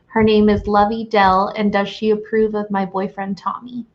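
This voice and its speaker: A woman's voice: medium pitch, flat delivery, normal speed. A woman host plainly reading viewer questions aloud on a live stream. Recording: dull lo-fi sound.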